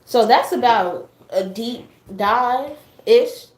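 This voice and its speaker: A woman's voice: fairly high pitch, very slow. A young adult woman telling a personal story in casual chat. She rambles with many fillers and acts out what her family said. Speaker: guest sharing a personal story. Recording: echoey room.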